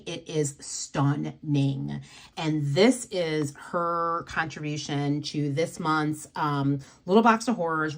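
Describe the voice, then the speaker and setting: A woman hosting a casual livestream, chatty and rambling with many fillers. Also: low-pitched. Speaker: nail polish livestream host.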